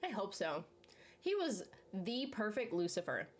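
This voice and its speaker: A young woman hosts a channel, chatting casually while eating and reacting to a series. Her mid-range voice is very animated though a little slow, and she rambles with lots of fillers, plenty of "like," and laughs.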